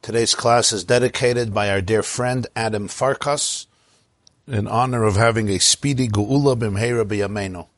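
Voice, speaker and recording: A rabbi giving a Torah class in an unhurried storytelling manner, with pauses and fillers. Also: male voice, on the low side, no echo. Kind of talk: storytelling lecture.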